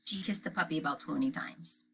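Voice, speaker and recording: A woman narrating a children's book aloud with an expressive reading style. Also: deep voice, a little fast, vocal fry, a little hiss or hum. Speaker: audiobook reader.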